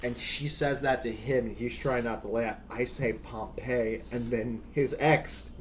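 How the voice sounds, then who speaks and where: A young man on a podcast, telling a story in animated casual chat with laughs. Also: medium pitch, unhurried, a little hiss or hum. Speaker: podcast host.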